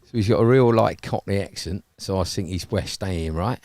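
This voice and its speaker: Laid-back cricket co-commentator. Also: male voice, deep voice, moderate pace, a little mellow, no room sound. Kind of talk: casual cricket chat.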